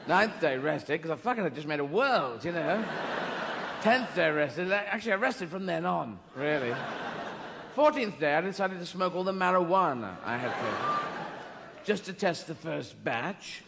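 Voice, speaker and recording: A man's voice: fairly high pitch, animated, measured pace, vocal fry. A man voicing a pompous, careless male god who talks in a grand, self-important way, with long hall reverb and audience noise.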